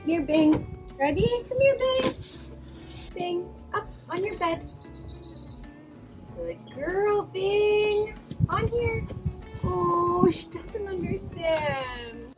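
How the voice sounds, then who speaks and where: A woman's voice: very high-pitched, drawn-out words, music in the background. A woman out in a garden, playfully calling and coaxing her dogs. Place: outdoor garden.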